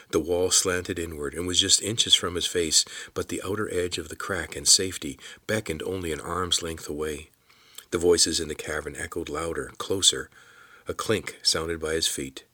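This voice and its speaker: A man reading a fantasy novel aloud in a measured, steady storytelling manner. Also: low voice, no room sound. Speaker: audiobook narrator. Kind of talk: scripted narration.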